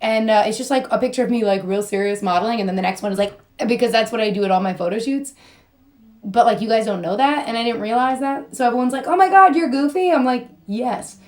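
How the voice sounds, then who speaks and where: A young woman with a slightly high voice chats casually through a live stream while doing her makeup. She rambles and goofs around, slips into sing-song phrasing and laughs often. Her voice sounds a little strained. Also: steady tone, fast, darkish tone. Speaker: model and influencer.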